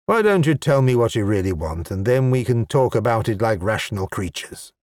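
A lofty, pompous High Elf lawyer, as a male narrator puts him on, haughty yet out of his depth. The voice sits a little higher than the reader's own and comes through close and dry. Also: big pitch swings, a little fast, darkish tone, no room sound, close to an everyday voice. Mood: fretful.

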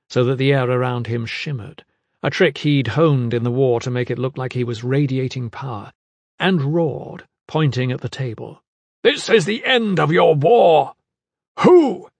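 A male audiobook narrator with a mid-range voice, reading in a measured, dramatic manner. The recording is close and dry, with no room sound. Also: medium pitch, a little mellow, dry recording. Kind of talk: scripted narration.

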